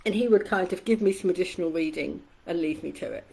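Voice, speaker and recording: A woman's voice: fast, vocal fry, breathy edge, rough recording. A middle-aged woman coach in a casual live-stream talk. She speaks candidly and conversationally, swears casually, and acts out quoted voices. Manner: acts out quoted voices with shifts in pitch and loudness. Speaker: community coach.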